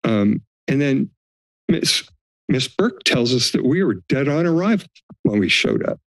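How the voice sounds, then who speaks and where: A man's voice: big pitch swings, moderate pace, no echo, poor audio. A homeowner making an emotional public comment at a county board meeting, his voice climbing as he pleads. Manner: emotional, pleading, voice rising in pitch.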